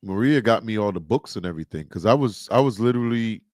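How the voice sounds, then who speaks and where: A man's voice: fairly low pitch, quick pace, no room sound, clean studio sound. A man co-hosting a casual podcast, chatting loosely and acting out the voices of people in his stories. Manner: animated storyteller, acts out quoted voices. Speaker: podcast co-host. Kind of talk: casual chat.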